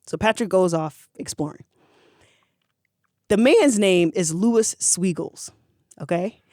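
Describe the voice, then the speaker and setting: Animated slangy comedic storyteller. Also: medium pitch, takes it slowly, no room sound, clean studio sound. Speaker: podcast storyteller. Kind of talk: comedic history retelling.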